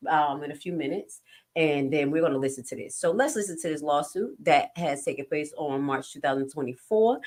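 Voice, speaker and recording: A woman hosting a casual live stream, blunt and jokey, swearing freely and jumping suddenly in pitch and loudness.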